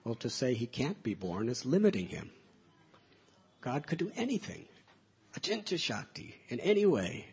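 A man telling devotional stories as a spiritual teacher, soft-spoken, with slow, drawn-out phrasing. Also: mid-range voice, sing-song, gravelly, husky, dull audio. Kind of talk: devotional storytelling talk.

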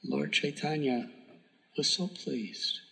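A man giving a sermon, telling a devotional story in an earnest, emphatic way that sometimes drops to a hush. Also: fairly high pitch, takes it slowly, vocal fry, low-quality recording. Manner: earnest, emphatic storytelling with hushed whispered moments. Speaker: spiritual teacher.

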